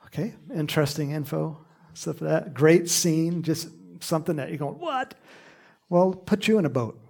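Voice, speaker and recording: A man preaching a sermon in an animated, conversational way, with asides and laughs. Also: on the high side, normal speed, gravelly, slightly rough.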